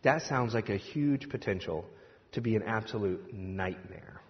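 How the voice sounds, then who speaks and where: The pastor here has a lowish, expressive voice and speaks a little slowly, cracking jokes in a conversational sermon and voicing the crowd's lines. It was recorded in a church sanctuary, sounding dull with long reverb like a hall.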